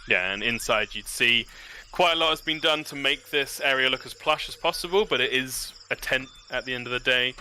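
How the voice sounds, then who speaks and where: A man narrating a tabletop game as game master, in a relaxed way with many fillers. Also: mid-range voice, fairly quick, a little hiss or hum.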